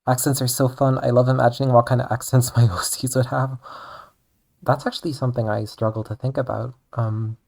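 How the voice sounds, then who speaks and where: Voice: mid-range voice, little pitch movement, fairly quick, vocal fry, a little mellow. A young adult speaker with an Irish accent who streams and draws, chatting casually and rambling, with "like" in nearly every sentence. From Ireland. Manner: rambling, chatty, says "like" often. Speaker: streamer and artist. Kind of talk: casual chat while drawing.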